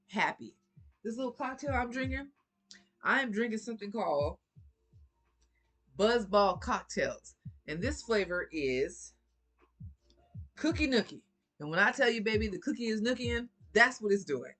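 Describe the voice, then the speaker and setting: Woman vlogger, bright sassy motivational chat. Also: fairly high pitch. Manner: sassy, preachy, laughs often, swears freely. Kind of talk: casual motivational talk to camera.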